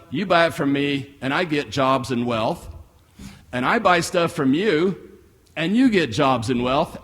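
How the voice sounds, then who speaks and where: Middle-aged American male speaker, blunt and folksy, lively rhetorical delivery, echoing hall. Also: fairly high pitch. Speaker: guest speaker, economist. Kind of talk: keynote forecast speech. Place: large hall with long reverb. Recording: live hall recording with reverb.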